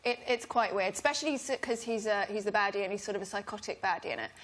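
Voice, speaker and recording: An actress guest on a chat show, telling a story in a giggly, animated way. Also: female voice, medium pitch, quick pace.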